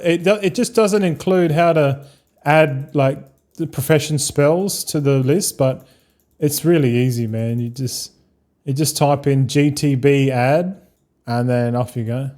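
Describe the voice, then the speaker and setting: Laid-back Australian man, mellow voice. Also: a little high. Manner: laid-back, rambling, swears freely, laughs often. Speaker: game streamer. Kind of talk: casual live-stream chat.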